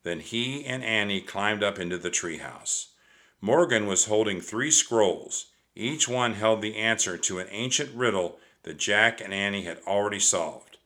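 Male audiobook narrator, measured and expressive, unhurried with a bright tone. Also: on the low side.

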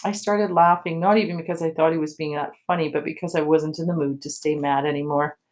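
A woman teacher reading a novel aloud to her class in a steady storytelling way. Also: sits low, fast talker.

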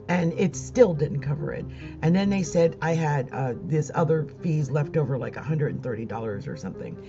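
Distressed woman on the verge of tears. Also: low voice. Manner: upset, rambling, restarts sentences. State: near tears. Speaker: astrologer. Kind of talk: personal vlog monologue. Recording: dull lo-fi sound with faint music.

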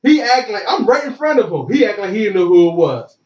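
Animated man telling slangy stories. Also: high-pitched, fairly quick. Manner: animated, slangy, acts out quotes. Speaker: former college football player. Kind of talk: casual storytelling. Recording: roomy, distant and dull.

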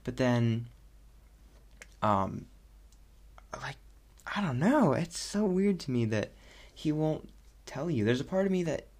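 A man's voice: mid-range voice, slow, long pauses. A young man hosting his own podcast, chatting casually and rambling with lots of fillers. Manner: rambling, animated, many fillers. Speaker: podcast host. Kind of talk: casual solo podcast chat.

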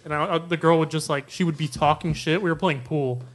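A man with a high voice co-hosts a podcast and tells casual stories, often breaking into laughter. His delivery is relaxed and conversational. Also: fairly quick. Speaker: podcast co-host. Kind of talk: casual storytelling.

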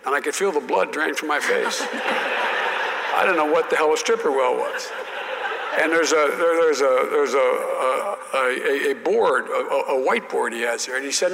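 A man's voice: mid-range voice, brisk, creaky, in a large hall, low-quality recording. An older man, a former politician, telling folksy, self-deprecating anecdotes as an interview guest.

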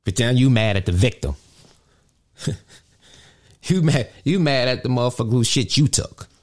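A man hosting a podcast, ranting indignantly in casual, profane street slang, often jumping high with emphasis. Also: animated, moderate pace, darkish tone. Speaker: podcast host.

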